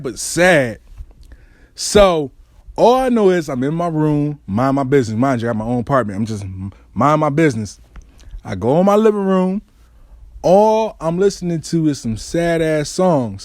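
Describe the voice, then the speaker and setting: Brief: young man, comic storyteller, lively swooping voice, dry close sound. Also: on the high side, no echo. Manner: animated, profane, acts out quotes. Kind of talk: comedic personal storytelling.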